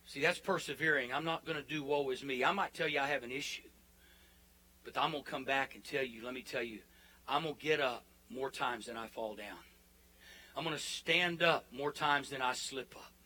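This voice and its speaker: Bright, impassioned preaching man. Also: medium pitch, moderate pace, husky, rough recording. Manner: impassioned, building to fervent declarations; dropping to soft, hushed prayer. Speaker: pastor. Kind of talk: sermon.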